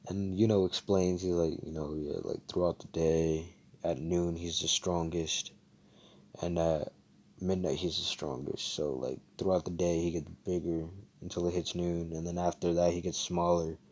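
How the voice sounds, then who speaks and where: A man's voice: deep voice, flat delivery, unhurried, darkish tone. A young man casually retelling his own fan-fiction story over voice chat, rambling and swearing with lots of fillers.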